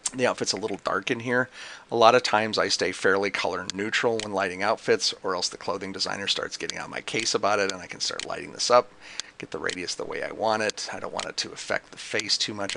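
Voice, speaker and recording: A man with a fairly low, gravelly voice talks through a software tutorial in a loose, casual way, pausing on ums and uhs as he clicks. The recording is noisy, with mouse clicks audible behind him. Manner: casual, thinking aloud with many fillers. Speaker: software demonstrator.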